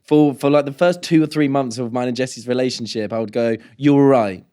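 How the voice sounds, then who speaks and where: A man's voice: mid-range voice, brisk, mellow, smooth. A man, co-hosting a casual chat, rambling, stumbling over words and swearing casually. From United Kingdom. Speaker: podcast co-host.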